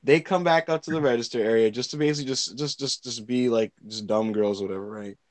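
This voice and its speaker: A man's voice: mid-range voice, fast talker. A young man hosting a casual comedy chat, telling stories animatedly and acting out what people said. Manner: animated storyteller, acts out quotes, laughs loudly. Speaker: podcast host.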